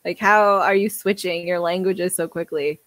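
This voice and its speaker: A woman's voice: fairly low pitch, fairly even intonation, moderate pace, a bit bright, dry recording. A young woman co-hosting a podcast, chatting casually in a giggly, self-mocking way. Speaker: podcast co-host. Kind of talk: casual chat.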